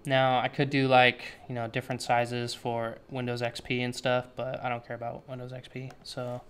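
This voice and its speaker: A man's voice: mid-range voice, completely flat delivery, normal speed, a bit bright, clean tone. A man giving a casual screen-share web tutorial, thinking aloud with offhand, dry sarcastic asides. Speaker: web developer teaching a tutorial.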